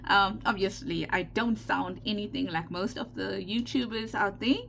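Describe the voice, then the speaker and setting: A woman's voice: medium pitch, normal speed, vocal fry, fairly bright tone, slight background noise. A woman with a South African Indian accent hosting a casual craft tutorial, chatty and given to repeating herself with frequent "okay" check-ins. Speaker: craft channel host.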